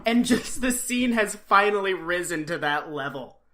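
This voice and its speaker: A woman co-hosting a podcast, recapping an old TV episode in a loose, animated way, full of "like" and acted-out lines. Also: on the low side, normal speed. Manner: animated storytelling, heavy use of "like", acts out quotes. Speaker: podcast co-host. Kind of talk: casual comedic recap.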